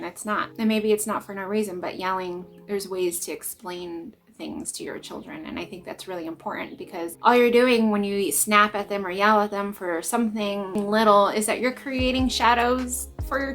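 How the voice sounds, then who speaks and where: Earnest mom in her 30s talking straight to camera, soft reflective vlog talk, faint music under it. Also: medium pitch. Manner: earnest, reflective, emotional at times. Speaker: vlogger, parent. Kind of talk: personal spiritual vlog talk.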